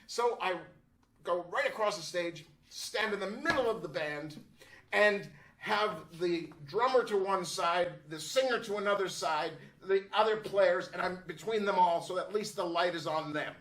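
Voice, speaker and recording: Man, high voice, wry exasperated storytelling, roomy sound, far from the mic. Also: unhurried, fairly bright tone. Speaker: stage performer. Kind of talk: anecdotal storytelling. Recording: roomy, distant mic with faint background noise.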